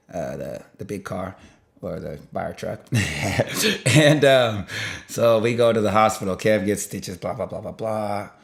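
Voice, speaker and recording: A young man telling a long story in a loose, rambling way, full of filler and sound effects. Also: gravelly. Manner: rambling, peppered with "blah blah" and "boom"; animated, jumps in loudness while retelling. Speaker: vlogger.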